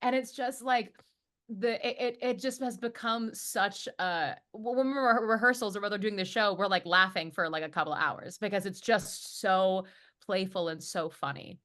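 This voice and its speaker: Young woman, cast member, bright tone, chatty and rambling. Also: mid-range voice, normal speed. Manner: rambling, many restarts and "like"s. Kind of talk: casual podcast chat.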